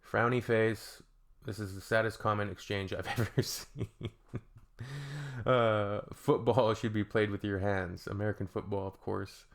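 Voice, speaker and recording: Low gravelly Canadian man. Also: fairly even intonation, normal speed. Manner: reads comments aloud with dry, joking asides. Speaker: reaction video host. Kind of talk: casual reaction commentary.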